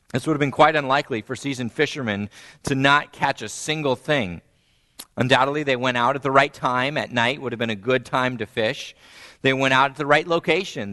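A man preaching a sermon, animated and storytelling, acting out quoted voices and softly repeating key phrases for emphasis. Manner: animated, acts out quoted voices with big pitch jumps. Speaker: pastor.

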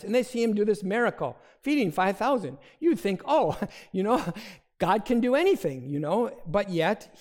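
A man's voice: a little high, darkish tone. A man preaching a sermon as pastor, speaking in an earnest, conversational way with frequent restarts.

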